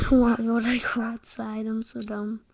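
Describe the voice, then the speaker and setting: A young woman talks through a horror game at an unhurried pace, her voice sitting a little high. She is excitable and jumpy, laughing off her own scares. The slightly dull, lo-fi mic gives it a home-recorded sound. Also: noisy background. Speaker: let's-play gamer.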